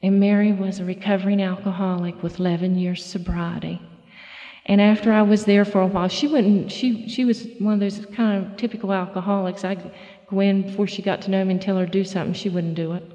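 Folksy middle-aged woman, mellow. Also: mid-range voice, steady tone, big-room sound, lo-fi sound. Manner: folksy, halting storyteller with many fillers and restarts. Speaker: speaker at a recovery meeting. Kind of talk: personal testimony talk.

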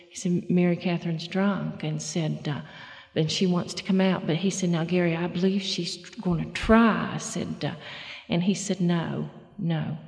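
A woman telling her recovery story to a live audience in a halting, folksy way with many restarts. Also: lowish voice, warm tone. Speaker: speaker sharing recovery story. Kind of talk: personal testimony to a live audience. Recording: long hall reverb.

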